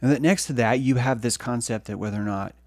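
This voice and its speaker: A man's voice: mid-range voice, fast, dry recording. A male podcast host giving a rambling, profane solo monologue.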